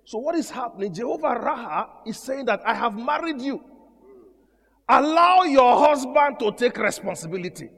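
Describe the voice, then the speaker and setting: A male pastor preaching a sermon in a church, shouting declarations and repeating lines for call and response. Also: very high voice. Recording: echoey church hall with congregation. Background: congregation responding.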